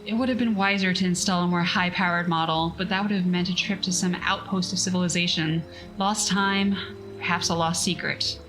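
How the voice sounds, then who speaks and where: A woman's voice: on the low side, steady tone, a little fast, music in the background, low-quality recording. A woman reading a science fiction story aloud on a casual livestream, breaking off for chatty, self-mocking asides.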